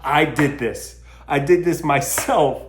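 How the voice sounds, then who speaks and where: A man's voice: a little high, slow pace, reverberant. A man hosting a solo podcast, talking casually in an exasperated, self-mocking rant full of swearing. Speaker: podcast host.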